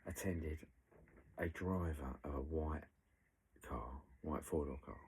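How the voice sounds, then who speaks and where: A man with a very low, gravelly voice recounts a story in a blunt, animated way, mimicking the people involved and swearing as he goes. A faint noise sits behind the recording. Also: takes it slowly, poor audio. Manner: blunt, animated retelling with acted quotes and swearing. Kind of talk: storytelling recollection.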